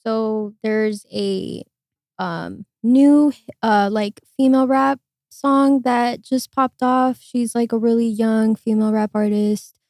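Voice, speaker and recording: A woman's voice: fairly high pitch, steady tone, slow, a little mellow, no echo, studio quality. A young woman hosting a casual interview podcast, encouraging her guest, with many "um" and "like" fillers. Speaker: podcast host.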